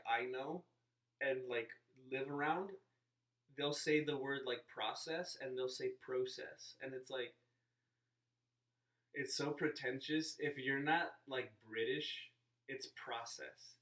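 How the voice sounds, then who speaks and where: A man's voice: medium pitch, a bit bright, roomy sound, distant mic. A man talking to camera in a casual, rambling vlog, often breaking off mid-sentence and acting out what other people say. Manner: rambling, self-interrupting, playfully mimics others. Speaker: vlogger. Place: inside a parked car.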